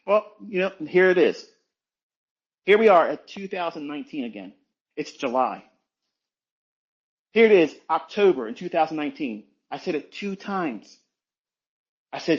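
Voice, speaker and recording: A man's voice: fairly high pitch, expressive, fairly quick, lo-fi sound. A man talking as a trading mentor in a blunt, emphatic, profane monologue, repeating his points for weight.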